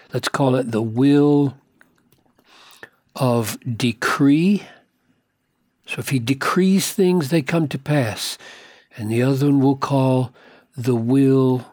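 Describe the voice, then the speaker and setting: A man teaching a sermon, slow and emphatic, sometimes dropping to hushed asides. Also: mid-range voice, breathy edge, no echo, studio quality. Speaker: pastor.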